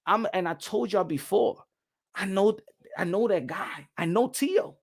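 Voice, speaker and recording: A man hosting a boxing show, talking in an animated, rambling way and slipping into Spanish. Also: sits high, a little slow, gravelly, breathy edge. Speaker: boxing podcast host. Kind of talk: casual boxing commentary.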